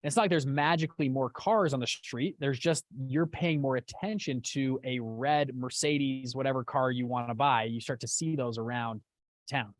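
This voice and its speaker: A young man who founded a fund company, casually telling a story to an online audience in an animated way and acting out quoted lines. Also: normal speed, dry recording. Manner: animated, acts out quotes with big jumps in pitch.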